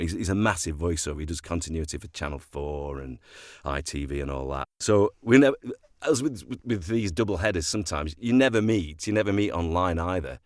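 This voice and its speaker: An older man tells self-deprecating stories from his voiceover career, with plenty of restarts. His voice sits very low. The sound is close and dry, with no room in it. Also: no room sound. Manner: anecdotal, self-deprecating storyteller with frequent restarts. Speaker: voiceover artist and actor. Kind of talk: relaxed interview chat.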